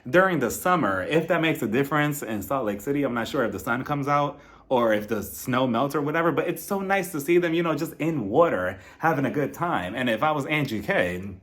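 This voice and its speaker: A man giving a casual, gossipy recap of a reality TV episode, laughing often and acting out what the cast said. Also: fairly quick. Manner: gossipy, animated, laughs often and acts out quoted lines in high or low voices.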